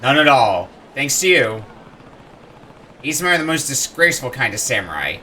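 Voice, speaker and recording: A man's voice: medium pitch, sing-song, moderate pace, sharp tone, slight background noise. A man voicing an earnest, principled young foreigner who wants to be a samurai, reading game lines aloud. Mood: resolute.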